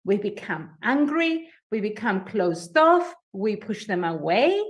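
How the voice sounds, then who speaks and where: A woman speaking with a foreign accent as a guest coach in a podcast interview, animated and emphatic, laughing often. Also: medium pitch, slow pace.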